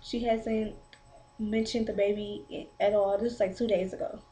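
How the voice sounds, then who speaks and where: On a poorly recorded casual vlog, a pregnant girl of 17 to 19 tells a long, rambling story about her little sister at normal speed in a medium-pitched voice. Her animated retelling is packed with "like" fillers.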